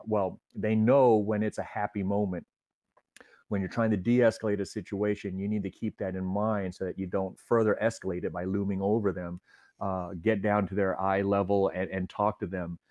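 A man who trains people in de-escalation, answering interview questions in a measured, explanatory way. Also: on the low side, warm tone, no echo. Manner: measured, explanatory, some restarts. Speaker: guest, de-escalation instructor.

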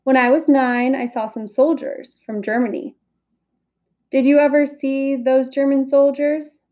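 A woman's voice: sits high, steady tone, a little slow, voice pushed up. A woman doing a chattering young peasant girl. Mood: bold. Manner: bright, breathless chatter. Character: quick-witted young peasant girl bluffing soldiers.

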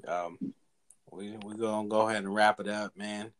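A man hosting a podcast in a laid-back, quiet way, wrapping up with casual, profane talk. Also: on the low side, level tone, normal speed. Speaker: podcast host. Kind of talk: casual chat.

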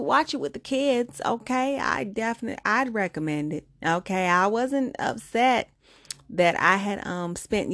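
A woman's voice: mid-range voice, expressive, measured pace, a bit bright, dry recording, studio quality. A middle-aged woman, chatting casually to viewers in a movie review vlog, with lots of fillers.

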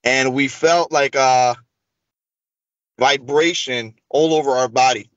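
Taking it slowly, a medium-pitched male guest shares a long personal story with his interview host, casual and animated as he performs the dialogue. The sound is lo-fi and free of echo.

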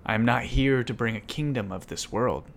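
A man doing a calm, commanding teacher. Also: medium pitch, creaky, lightly acted. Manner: calm and measured.

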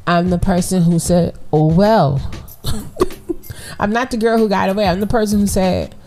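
A New York woman hosts a podcast, speaking at medium pitch and a moderate pace. She addresses her listeners directly with animated, preachy relationship advice delivered in casual slang.

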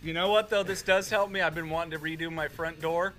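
A man's voice: a little high, steady tone, fairly quick, a bit bright, faint music behind. A man co-hosting a casual podcast with goofy banter. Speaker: podcast co-host.

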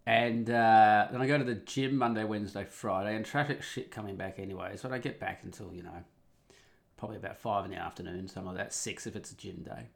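A man's voice: fairly low pitch, fairly even intonation, fast talker, gravelly. A man telling a personal story in a casual, rambling monologue, wry and full of swearing. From Australia.

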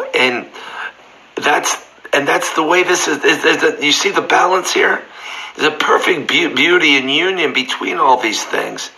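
A man's voice: on the high side, bright, forceful tone, low-quality recording. A middle-aged man preaching a sermon earnestly, often restarting his phrases and lifting his voice when he is moved. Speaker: pastor. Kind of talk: sermon teaching.

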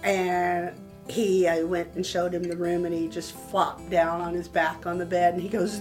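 A woman's voice: fairly low pitch, level tone, moderate pace, soft background music. A woman in her sixties from Texas, a motel manager telling heartfelt stories in a casual interview. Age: 60s. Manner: emotional, heartfelt.

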